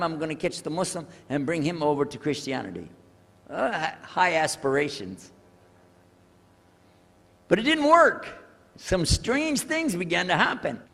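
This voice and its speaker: Older man telling a story in an echoey hall. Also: on the high side. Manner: animated, acts out the people in his story. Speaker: speaker telling his conversion story. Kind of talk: storytelling talk to an audience.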